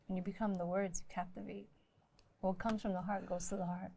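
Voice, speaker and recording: A woman's voice: mid-range voice, little pitch movement, brisk, creaky, mellow, a little hiss or hum. A young woman, a musical theater student, answering her coach earnestly with frequent giggles. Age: young adult. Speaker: acting student. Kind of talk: casual interview.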